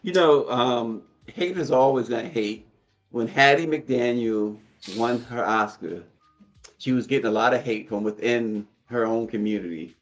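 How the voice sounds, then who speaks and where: A man's voice: medium pitch, normal speed. A man co-hosting a morning news show, chatting casually and chuckling often as he talks. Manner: chuckles often while talking.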